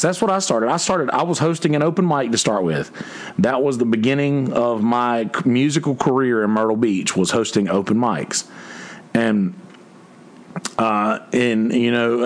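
A man's voice: medium pitch, normal speed. A man talking casually to his viewers as a musician, rambling and ranting with lots of cursing, fillers and restarts. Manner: many restarts and filler words. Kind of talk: casual livestream chat.

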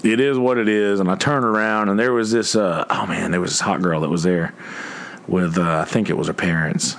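Low-voiced guy ranting on his stream, cussing, tripping over his words, rambly. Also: steady tone, a little fast, a bit bright. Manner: many restarts and filler words. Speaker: musician. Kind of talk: casual livestream chat.

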